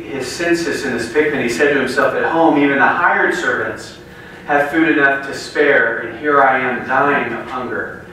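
A man giving a sermon to a room of students, telling a joke story with lively character voices before turning to a Bible passage. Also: mid-range voice. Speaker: guest speaker. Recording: very echoey room from a distance, faint noise.

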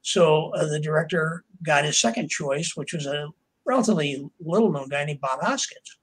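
A man's voice: fairly high pitch, normal speed, a little hiss or hum, low-quality recording. An older man, a writer being interviewed, telling long anecdotes with plenty of fillers and restarts. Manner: rambling, with many fillers and acted quotes of others. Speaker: author and interview guest. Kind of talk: anecdotal storytelling in a podcast interview.

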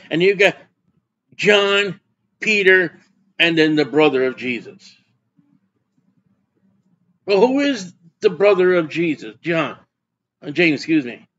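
A man's voice: a little high, sing-song, takes it slowly, long pauses, fairly bright tone, muffled recording. A man preaching a sermon as pastor, folksy and conversational, often putting questions to his congregation.

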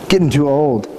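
A middle-aged man delivers a sermon in a church sanctuary, chatty and informal, tossing questions out to his congregation. His voice sits a touch high for a man. The sound carries a long hall reverb over a faint background hiss. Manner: conversational, asks the congregation questions. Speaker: pastor.

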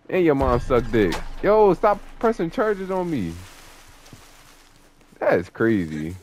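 A young man commentating his online gameplay, taunting and cursing at opponents in an excitable, profane way. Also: mid-range voice, slow pace, soft background music. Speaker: gamer streaming online play. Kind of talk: trash-talking gameplay commentary.

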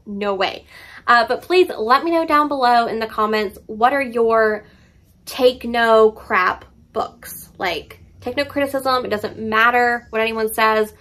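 A woman's voice: on the high side, a bit bright. A woman talking casually to camera about her favorite books, emphatic and playful as she gushes. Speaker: book reviewer.

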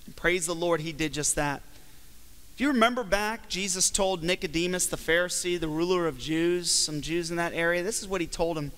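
Pastor guy preaching, kinda high voice, big echo of a church hall, leans hard on words. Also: a bit bright, clear, resonant tone. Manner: emphatic preaching with slow, stretched phrases. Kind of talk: sermon. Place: church sanctuary. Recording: long hall reverb from a church.

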